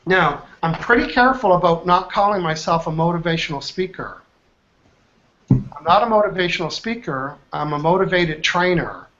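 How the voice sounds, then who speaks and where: A man leading a live online training, energetic, quizzing his group with questions. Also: high voice, normal speed. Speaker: trainer, workshop host. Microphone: online video call. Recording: dull lo-fi call audio.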